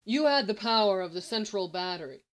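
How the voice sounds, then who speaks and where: A woman's voice: mid-range voice, expressive, brisk, natural voice. A woman reading the lines of a smug, scheming male villain in a confident, lecturing manner.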